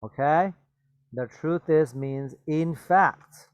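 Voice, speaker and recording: Slow and clear, this man's voice is fairly high and resonant, recorded with no echo. In a bilingual lesson, he repeats and explains English vocabulary, drops in glosses, and asks "okay?" or "right?" to check in.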